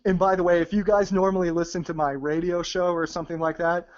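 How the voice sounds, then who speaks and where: A male poker coach talks through a webinar in a fairly high voice, chatty and full of asides. He holds a deliberate, chest-driven presenter's voice. The audio sounds dull and lo-fi, like a muffled stream. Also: flat delivery. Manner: deliberate presenter's voice spoken from the gut; chatty, with frequent fillers and asides.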